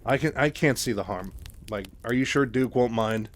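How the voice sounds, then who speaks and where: A man's voice: mid-range voice, moderate pace, close to an everyday voice. A man voicing a composed, dutiful woman army lieutenant with a formal, polite manner in a story recap.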